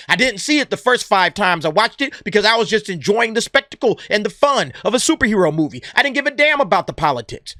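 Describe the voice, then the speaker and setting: A man's voice: sits high, expressive, quick pace, hardly any pauses, sharp tone, no room sound, clean studio sound. A man ranting in an opinion commentary vlog, blunt, exasperated and sarcastic, with plenty of slang. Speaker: movie commentary vlogger.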